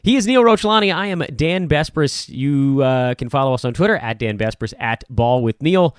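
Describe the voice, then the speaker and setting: Man, middle-aged, podcast host, lively swooping voice, rambling, dry close sound. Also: medium pitch, moderate pace, clean tone, no echo. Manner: lively, rambling, self-deprecating. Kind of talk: casual podcast chat.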